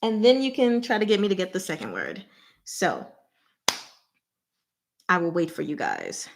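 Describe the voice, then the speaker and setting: A woman hosting a casual livestream word game. She gives clues in short, deliberate fragments and laughs often. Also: on the low side, huge pitch swings, vocal fry, noisy background. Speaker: channel host running a livestream game.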